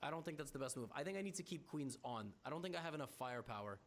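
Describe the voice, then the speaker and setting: A man's voice: medium pitch, expressive, rapid-fire. A man playing chess and thinking his moves through aloud, with stammering restarts and wry teasing of his opponent. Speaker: chess streamer.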